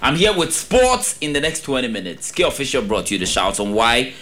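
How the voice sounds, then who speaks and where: A man's voice: mid-range voice, very animated, fairly quick, pushed and bright. A young Ghanaian man presenting a radio sports update, reading an ad with playful, upbeat salesman patter and plenty of repetition.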